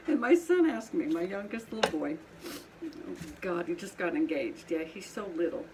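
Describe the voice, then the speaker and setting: A woman's voice: on the low side, expressive, moderate pace, a little hiss or hum, poor audio. A middle-aged woman from Colorado with a Southern twang and a sniffly nose, chatting casually in her home pottery studio while she works, rambling and laughing often. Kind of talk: casual chat while working.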